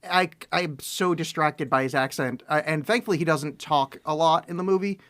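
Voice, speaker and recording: A podcast co-host chatting casually, blunt and opinionated with quick asides. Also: mid-range voice, fairly bright tone. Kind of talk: casual chat.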